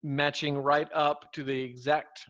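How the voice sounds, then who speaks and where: A man talks in a loose, rambling way on a live stream, often stopping to correct himself. His voice sits a bit high for a man. The audio is dull and lo-fi. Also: flat delivery, a little slow, fairly bright tone. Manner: rambling, self-correcting, easygoing. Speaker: co-host of a fiction writing live stream. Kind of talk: casual live-stream chat.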